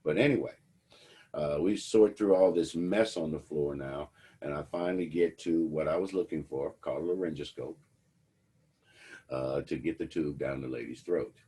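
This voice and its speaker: Male instructor, very deep husky voice, wry storyteller lecturing a class. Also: moderate pace, dark tone. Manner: wry, conversational storytelling to students. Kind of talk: lecture with personal anecdotes.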